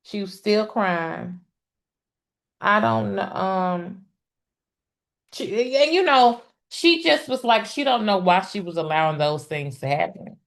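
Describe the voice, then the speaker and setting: A woman hosting a casual live stream about a court case, chatty and exclamatory, speaking straight to her viewers and often pausing with "um" and restarting. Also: medium pitch, lively intonation, creaky. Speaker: trial commentary host.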